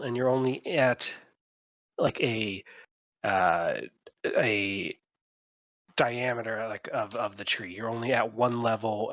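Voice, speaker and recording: A man running a tabletop game as game master, talking slowly with plenty of fillers. His voice is bright, and the sound is dry and a little dull, like an online call. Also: medium pitch, dry recording. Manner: hesitant, many fillers.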